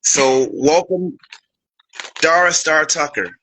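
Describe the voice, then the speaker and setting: Enthusiastic man host, bright slightly high voice, nervous chatty intro. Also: slow, a little hiss or hum, low-quality recording. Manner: excited, laughing, stumbling over words. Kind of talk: casual interview intro.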